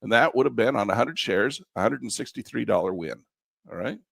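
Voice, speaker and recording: A man's voice: medium pitch, expressive, fairly quick, creaky, a bit bright, no room sound, studio quality. A man teaching a live online trading class, coaching in a folksy, repetitive way and chuckling now and then. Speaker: trading instructor.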